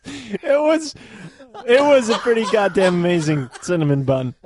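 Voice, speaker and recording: A young adult man co-hosting a casual podcast, telling stories slowly and laughing easily. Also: sits high, very animated, crowd noise. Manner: slow-talking, laughs easily, chatty storyteller. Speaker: podcast co-host. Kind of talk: casual chat.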